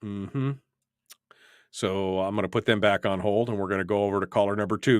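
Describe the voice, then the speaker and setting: A man hosting a call-in radio talk show, chatting casually and fondly reminiscing with halting restarts. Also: fairly low pitch, steady tone, clean tone, dry recording, studio quality. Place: radio studio.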